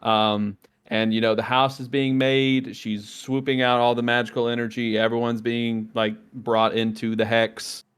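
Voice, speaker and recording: A podcast co-host with a medium-pitched, clear, resonant voice recaps a TV episode at an unhurried pace. He chats casually and stays animated, acting out the characters' lines as he retells the scenes.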